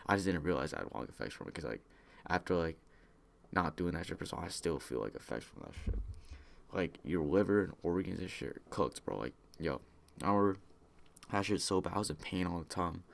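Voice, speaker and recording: A man's voice: low voice, lively intonation, fairly quick, vocal fry. A young man telling a rambling personal story in casual slang, full of fillers and restarts. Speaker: vlogger telling personal stories.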